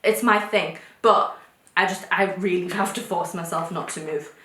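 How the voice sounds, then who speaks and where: A young woman from North East England with a posh English accent, talking candidly to camera in quick bursts with restarts. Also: lowish voice, pushed and bright. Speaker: vlogger. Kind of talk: casual talk to camera. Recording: echoey room.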